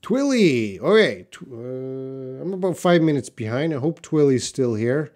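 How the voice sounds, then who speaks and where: An unhurried man with a mid-range voice teaches English live. Taking questions from the chat, he reads them out and answers easily, thinking aloud and using many fillers.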